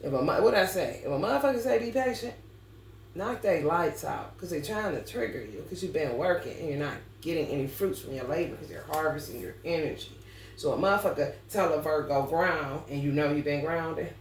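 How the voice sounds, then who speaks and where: A woman's voice: low voice, expressive, fairly quick, a little hiss or hum. A woman ranting bluntly and profanely in a casual astrology vlog. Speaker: astrology reader. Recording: roomy sound, distant mic, faint ambience.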